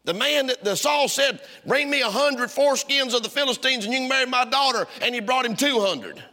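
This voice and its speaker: A middle-aged male pastor preaching a sermon, swinging from loud, driving lines to hushed ones. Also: very high-pitched, a little fast. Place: church sanctuary. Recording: long church reverb.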